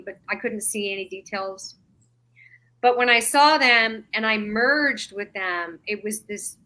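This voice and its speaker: A middle-aged woman, a podcast guest, recounting an experience in animated, emotional storytelling with quoted dialogue. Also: mid-range voice. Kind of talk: conversational storytelling.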